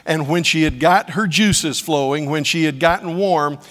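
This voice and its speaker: A middle-aged man preaching a sermon, telling stories with dramatic swings from hushed tones to loud cries. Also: fairly high pitch, moderate pace, in a large hall.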